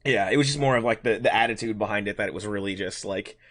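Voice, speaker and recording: A man's voice: fairly low pitch, a bit bright. A man hosting a podcast, rambling through a work story in casual chat and acting out both sides of the dialogue. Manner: fast, rambling anecdote with acted-out dialogue. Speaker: podcast host.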